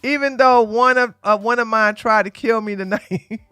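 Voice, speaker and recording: A woman's voice: fairly high pitch, moderate pace, fairly bright tone, smooth, no echo, faint music behind. A woman hosting a political commentary livestream, blunt and opinionated, with frequent stumbling restarts. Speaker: podcast host.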